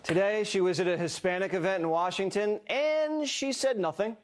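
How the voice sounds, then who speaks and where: A man with a notably high voice narrating a scripted attack ad. He lands each line in a short, sarcastic, punchy way. His delivery is polished and built to mock. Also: moderate pace, a little hiss or hum. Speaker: political ad narrator.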